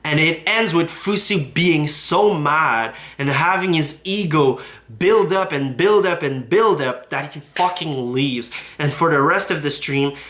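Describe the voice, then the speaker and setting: A man's voice: on the high side, bright, forceful tone. A man recapping online drama on his YouTube channel, profane and indignant as he talks. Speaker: YouTube commentator.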